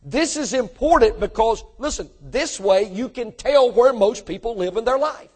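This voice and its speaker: High-voiced man preaching emphatically. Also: normal speed, husky. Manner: emphatic preaching, rising to high animated bursts; addresses congregation directly with questions. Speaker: pastor. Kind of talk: sermon.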